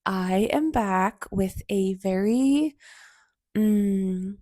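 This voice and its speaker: A young woman hosting her own podcast, speaking in a hoarse, husky voice from a recent cold. She talks in a chatty, reflective way, with plenty of fillers. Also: medium pitch, moderate pace, no room sound, clean studio sound. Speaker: podcast host. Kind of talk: casual solo podcast talk. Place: home in Austin.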